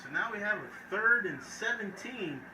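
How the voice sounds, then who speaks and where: A man's voice: sits high, expressive, normal speed. Hyped man calling college football. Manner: hyped, playful, talks to viewers directly. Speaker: play-by-play announcer. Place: football stadium. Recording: echoey, distant mic with crowd noise.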